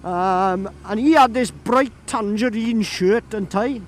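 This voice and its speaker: A man's voice: high-pitched, takes it slowly, a little hiss or hum. A young Welsh man with a Welsh accent, chatty and laughing as he tells a story casually, outdoors by a road. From Wales. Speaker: vlogger. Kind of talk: casual anecdote.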